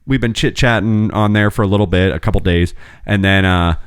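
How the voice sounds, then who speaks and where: A man's voice: on the low side, brisk, smooth, no echo, clean studio sound. A man in his thirties, a podcast host telling a long rambling story in casual chat, swearing freely. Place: home podcast studio.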